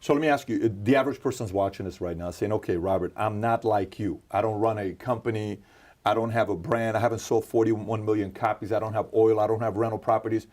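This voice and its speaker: A man's voice: on the low side, steady tone, a little fast, darkish tone. A man interviewing an author, earnestly putting the viewer's questions to him.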